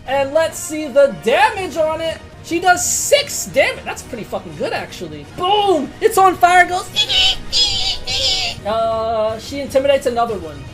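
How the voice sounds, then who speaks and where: A woman's voice: high-pitched, big pitch swings, unhurried, music in the background. A woman narrating a tabletop game as game master, casual and profane, often laughing at the dice rolls.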